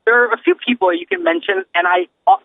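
Lively, high-pitched man on a thin line. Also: fast talker, gravelly, no room sound, phone-quality sound. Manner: easygoing, musing, wide-ranging intonation. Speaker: podcast co-host. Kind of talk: casual comedic chat.

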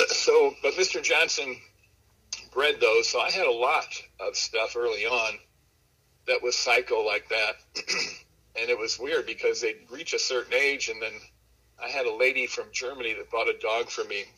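A man who breeds dogs, talking as an interview guest in a relaxed, rambling way, with plenty of fillers and restarts. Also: medium pitch, moderate pace, slightly rough, rough recording. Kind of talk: casual storytelling in an interview.

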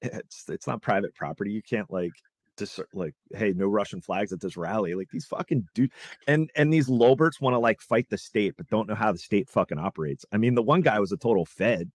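Low-voiced man ranting, profane. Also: brisk, no echo. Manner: heated, profane, rambling. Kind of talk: casual political chat.

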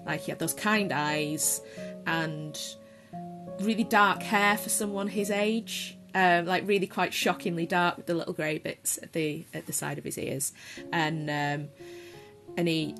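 A woman's voice: fairly low pitch, fairly even intonation, measured pace, music in the background. Chatty woman telling a story. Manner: chatty, self-deprecating, laughs at her own story. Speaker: guest storyteller. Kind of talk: casual spoken anecdote.

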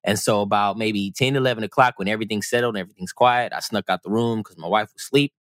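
A man in relaxed podcast chat, easygoing and a bit teasing, stretching out his thoughts. His voice sits slightly low, recorded dry and close. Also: no echo. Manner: easygoing, teasing, drawn-out reflective phrasing. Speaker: podcast co-host. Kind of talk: relaxed casual conversation.

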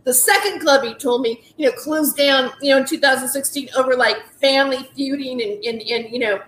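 A woman's voice: high-pitched, fairly quick, a bit bright, roomy sound, a little hiss or hum. A woman in her forties, a comedian telling a rambling story full of "like"s, restarts and laughing asides. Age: 40s. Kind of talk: casual storytelling monologue.

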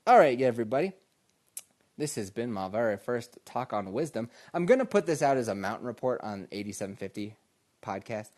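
A man's voice: medium pitch, expressive, a little fast, darkish tone. A podcast host, a man, telling a casual, laid-back story, laughing often and calling listeners "man".

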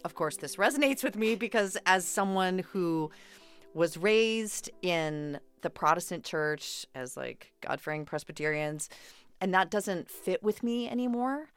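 A woman interviewing a guest on public radio, relaxed and conversational with playful asides. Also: fairly low pitch, unhurried, clean tone, faint music behind. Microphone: studio microphone.

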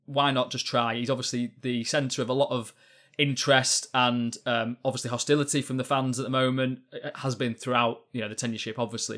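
A male journalist talks casually on a podcast, speaking at a middle pitch. He keeps hedging and stumbling, filling his story with ums and sort-ofs. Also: fairly bright tone. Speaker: journalist guest.

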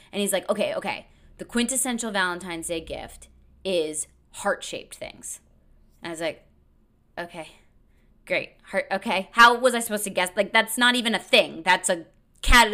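Bright, chatty woman podcast host. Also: fairly low pitch. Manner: chatty, animated, lots of "like" and quoted dialogue. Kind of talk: casual storytelling monologue.

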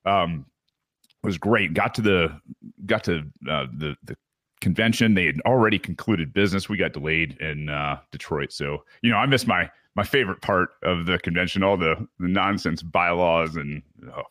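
Low-voiced man recapping casually. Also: normal speed, fairly bright tone, no room sound, clean studio sound. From Michigan. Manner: candid, rambling storytelling. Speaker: podcast host.

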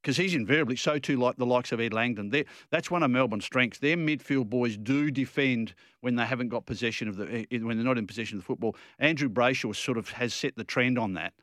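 An Australian man gives his views on football as a radio co-host. He rambles and restarts his sentences as he argues a point. His mid-pitched voice is recorded dry and close. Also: a little fast, few pauses, fairly bright tone, dry recording. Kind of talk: casual radio chat.

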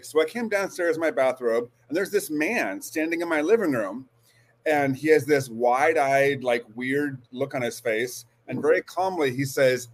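A man's voice: medium pitch, normal speed. A man in his forties, a guest, earnestly telling a personal story with frequent restarts and hesitations. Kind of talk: storytelling interview.

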